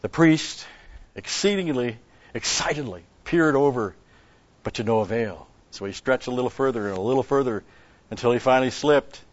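A man's voice: medium pitch, fairly quick, no room sound, highs cut off. A man preaching a sermon, telling a story and asking rhetorical questions with an occasional chuckle.

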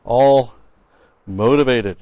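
A Bible teacher with a slightly mellow, medium-pitched voice draws out his words as he teaches verse by verse, repeating key words to stress points and explaining the original text's grammar. The dull, dry lo-fi audio has no echo.

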